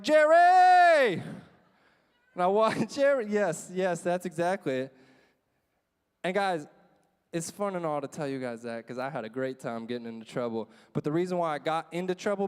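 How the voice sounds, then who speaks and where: A young man giving a comedic motivational speech, telling stories in an animated way full of "like" and "you know" and acting out the scenes. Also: fairly high pitch, smooth. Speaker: motivational speaker. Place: large conference hall stage. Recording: long reverb of a large hall.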